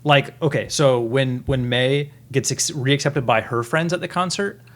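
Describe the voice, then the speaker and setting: A man's voice: mid-range voice, unhurried, a bit bright. Earnest rambling man podcast host. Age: 30s. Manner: rambling, many restarts and fillers, earnest. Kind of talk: casual review chat.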